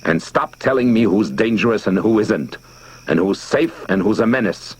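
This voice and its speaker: A man playing a defiant, shouting neighbor. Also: on the low side, animated, normal speed, slightly rough, no room sound, voice pushed up. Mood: angry. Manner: forceful, shouting, lecturing. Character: angry defiant man lecturing his neighbors.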